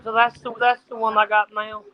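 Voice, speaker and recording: A woman's voice: fairly high pitch, level tone, fairly quick, lo-fi sound. A woman telling a casual story in folksy chat, quoting what people said. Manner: folksy, quotes people in her stories. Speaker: co-host of a trucking livestream.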